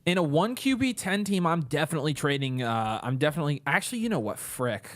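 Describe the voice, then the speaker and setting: A man's voice: on the high side, sing-song, quick pace, a bit bright, no room sound. A man co-hosting a casual livestream, reading chat, thanking viewers and joking between topics. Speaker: livestream co-host.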